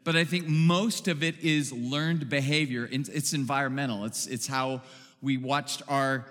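Bright-voiced stammering pastor preaching. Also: male voice, mid-range voice, fairly even intonation, unhurried. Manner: conversational, stammering restarts, acts out quotes. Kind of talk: sermon. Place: church hall. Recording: reverberant church hall.

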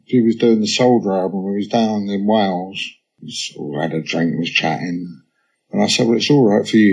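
A man's voice: fairly low pitch, highs cut off. A man, telling casual anecdotes as a guest in an on-stage conversation, peppered with "you know". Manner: chatty anecdotes, frequent "you know", quotes others in lively bursts. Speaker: interview guest, musician.

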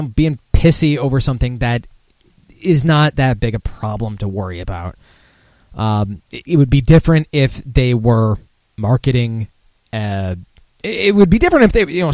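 A man's voice: medium pitch, darkish tone, no room sound. A man hosting a casual drinking podcast, rambling and sardonic with lots of profanity. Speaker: podcast host.

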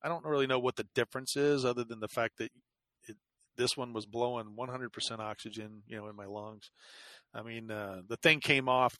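A man telling a long personal story in easygoing conversation, full of fillers, restarts and wry asides about himself. His voice sits at an ordinary pitch and sounds dry and close to the mic. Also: sharp tone, no echo. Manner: rambling, self-deprecating, many fillers and restarts.

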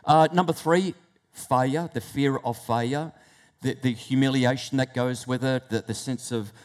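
A man giving a sermon about fear. He tells stories, acts out inner thoughts, and swings between hushed and loud delivery, with frequent restarts. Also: medium pitch, steady tone, normal speed. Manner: repeats words, restarts phrases. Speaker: preacher.

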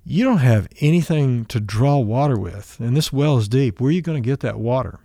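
Wary, doubtful woman at a well, a male preacher voicing her; slow questions, warm dry tone. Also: medium pitch, expressive, dry recording.

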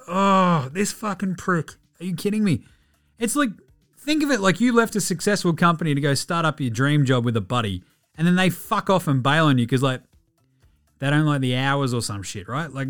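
An Australian man hosting a casual sports podcast, animated, jokey and swearing a lot. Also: fairly high pitch. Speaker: podcast host.

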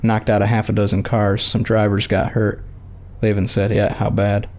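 A man's voice: lowish voice, completely flat delivery, moderate pace, close to an everyday voice. A man reading aloud and voicing a blunt, plain-spoken farmer who welcomes guests with folksy talk. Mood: gruff.

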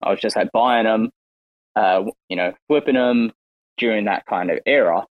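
A man's voice: moderate pace, narrow, tinny audio. Male regular, casual chat at home, playful teasing, cusses freely. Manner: teasing, playful, swears, jumps to high pitch when joking. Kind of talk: casual chat on a live audio space. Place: inside his house.

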